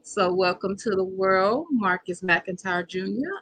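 A woman hosting a casual podcast chat, playful and animated in her manner. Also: medium pitch, a little slow, slightly rough. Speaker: host.

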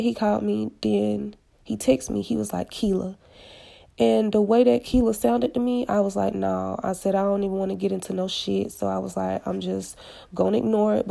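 Gravelly, dark-voiced woman telling a story. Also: medium pitch, little pitch movement, normal speed. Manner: candid, profane, slangy retelling. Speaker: podcast storyteller. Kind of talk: casual storytelling.

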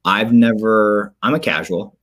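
A man co-hosting a podcast, chatting casually about sports with animated storytelling and quick asides. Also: fairly low pitch. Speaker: podcast co-host.

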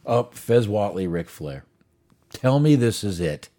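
A man hosting a show, chatting in a relaxed, rambling way as he introduces old radio clips. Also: fairly low pitch, unhurried. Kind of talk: casual chat.

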